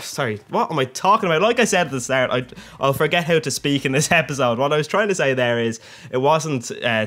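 Young guy, gaming commentary, loose and cheeky, laughs a lot, average pitch. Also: fairly bright tone. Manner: chatty, jokey, crude, laughs often. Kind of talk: casual game commentary.

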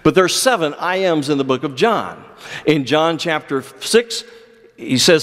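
A pastor preaching an earnest sermon, with measured delivery and dramatic pauses. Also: male voice, a little high, lively intonation, fairly bright tone. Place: church sanctuary. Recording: long church reverb.

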